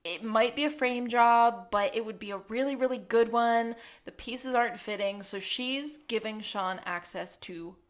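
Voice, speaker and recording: A young woman co-hosting a podcast, chatting casually about an episode and laughing often. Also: on the high side. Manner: giggly, quick to laugh. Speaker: podcast co-host. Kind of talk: casual recap chat.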